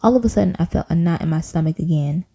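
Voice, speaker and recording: A woman reading a children's storybook aloud in a playful, animated way, doing little voices. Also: lowish voice, fast, breathy edge. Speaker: audiobook reader.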